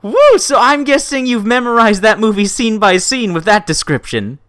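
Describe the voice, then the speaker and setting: An enthusiastic woman hosts a casual interview, gushing over her guest and tripping over repeated words. Her pitch swoops and bounces, and the recording is dry and close with no room sound. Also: animated, moderate pace, a bit bright, no room sound. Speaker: show host and interviewer.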